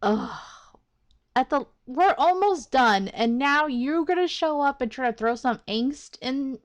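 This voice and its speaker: A woman's voice: high-pitched, lively intonation, a little slow. A woman hosting a let's play of a visual novel, giving casual, exasperated commentary with frequent swearing and laughter.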